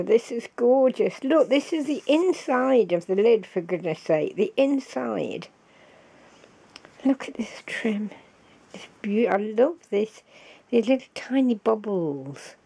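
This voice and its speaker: A woman, slow and fond, showing off a handmade craft gift on her vlog and gasping with delight. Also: a little high, expressive, creaky, warm tone, husky. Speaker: crafting vlogger. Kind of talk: casual show-and-tell of a craft gift.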